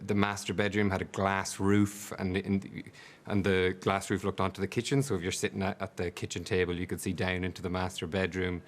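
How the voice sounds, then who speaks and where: Man, low voice, rambling anecdote, hesitant, lots of ums. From Ireland. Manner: rambling, hesitant, many fillers. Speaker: audience member telling a story. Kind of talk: casual anecdote. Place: TV studio.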